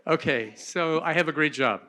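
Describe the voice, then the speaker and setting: An older male pediatrician explaining and demonstrating baby care in a gentle, plainspoken, self-deprecating way. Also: a little high, moderate pace. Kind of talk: demonstration and conference talk.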